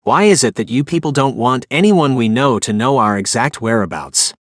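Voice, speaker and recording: A man's voice: mid-range voice, animated, normal speed, no echo, clean studio sound, close to an everyday voice. A man voicing a spoiled, snooty rich young heir in an audiobook, with a sneering, haughty way of talking.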